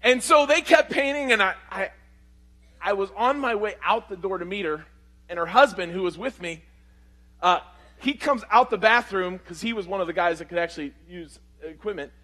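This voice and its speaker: A male pastor telling a story in a sermon, animated and swinging between loud and hushed delivery. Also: high voice, moderate pace.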